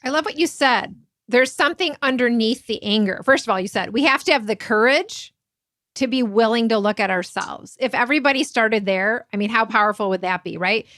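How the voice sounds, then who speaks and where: Woman, podcast host, fairly high voice, chatty and enthusiastic, dry close sound. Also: brisk, fairly bright tone, no echo. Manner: enthusiastic, chatty, rambling questions. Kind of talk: podcast interview talk.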